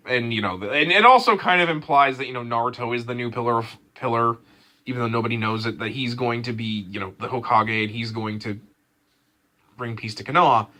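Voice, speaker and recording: A man casually rambling through an anime episode review, full of fillers, restarts and excitement. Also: medium pitch, fairly quick.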